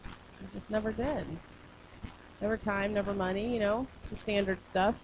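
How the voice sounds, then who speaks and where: A playful woman co-hosting a live radio show, chatty and teasing at a middle pitch. A faint layer of noise sits underneath her voice. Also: fairly even intonation, moderate pace, poor audio. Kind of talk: casual live show chat.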